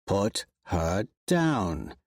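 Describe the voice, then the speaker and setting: A man voicing a stern, weary male leader who speaks in low, slow, clipped orders. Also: big pitch swings, no room sound, studio quality, exaggerated voice.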